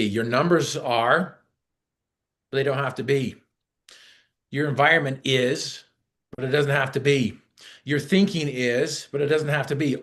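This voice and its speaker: A middle-aged man from Utah giving an energetic motivational talk, telling a story and driving home repeated phrases. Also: medium pitch. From Utah, USA. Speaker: motivational speaker.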